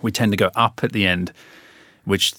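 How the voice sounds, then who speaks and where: An Australian man explaining things to an interviewer in a lively, demonstrative way, with drawn-out vowels. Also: lowish voice, no room sound, clean studio sound. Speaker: interview guest. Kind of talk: conversational explanation.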